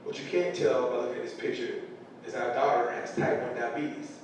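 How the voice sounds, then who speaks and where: Middle-aged man, earnest motivational speaker, distant mic with faint rumble. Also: steady tone, brisk. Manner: earnest, emotional storytelling. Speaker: parent speaking to school staff. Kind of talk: motivational speech. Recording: echoey large room from far off, faint rumble.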